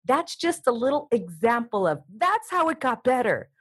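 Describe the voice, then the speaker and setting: Husky, energetic woman coach. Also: fairly high pitch, normal speed. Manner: energetic, acts out voices in quotes. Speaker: guest coach. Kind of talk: animated interview talk.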